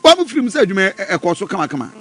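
High-voiced, halting man on radio. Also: sing-song, a bit bright, slight background noise. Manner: halting, stutters, many short interjections. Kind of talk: political radio discussion.

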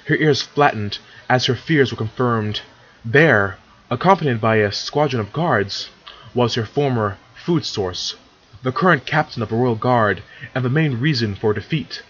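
A man's voice: medium pitch, fairly bright tone, husky, muffled recording. A man casually reading fan fiction aloud, stumbling over words and correcting himself as he goes. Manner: stumbling, self-correcting, chatty asides. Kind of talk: casual read-along narration.

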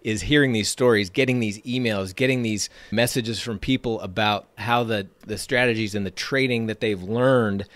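A man hosting a podcast as a trading coach, talking in an energetic, emphatic motivational monologue that repeats phrases for effect. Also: on the low side, moderate pace, few pauses, no echo.

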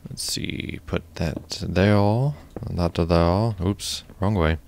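A man's voice: sits low, slow, gravelly, a little mellow. A man hosting his own gaming channel, chatting casually and thinking aloud while he builds. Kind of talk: casual gameplay commentary.

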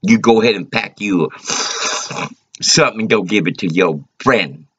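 A man's voice: lowish voice, moderate pace, fairly bright tone. A man delivering an agitated, rambling, profane rant to the camera. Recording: dull lo-fi recording.

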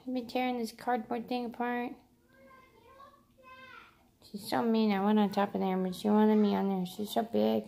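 Gravelly-voiced woman chatting at home. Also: a little high, steady tone, normal speed, long pauses, mellow. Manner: chatty, laughing, talks to her cats. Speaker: vlogger filming her cats. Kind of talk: casual home vlog chat.

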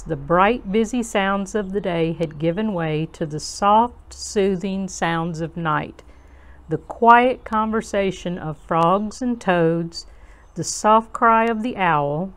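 A woman reading a children's storybook aloud to kids as host, in a slow, gentle, expressive way. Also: fairly low pitch.

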